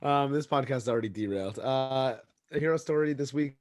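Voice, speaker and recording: A man's voice: mid-range voice, brisk, darkish tone, dry recording. Rambling young man, dry close sound. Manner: rambling, self-deprecating. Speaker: podcast host. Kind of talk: casual chat.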